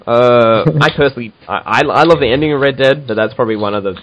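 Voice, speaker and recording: A man's voice: medium pitch, fast talker, lo-fi sound. A man hosting a casual podcast chat, talking with enthusiasm and many fillers and restarts. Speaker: podcast host.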